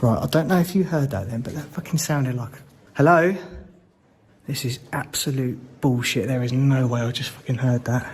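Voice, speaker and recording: A young man vlogging alone through a stripped, empty building, who swears when scared and breaks into panicked shouts. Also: medium pitch, fairly even intonation, a little fast, few pauses, slight background noise. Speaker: ghost-hunting vlogger. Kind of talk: first-person exploration vlog.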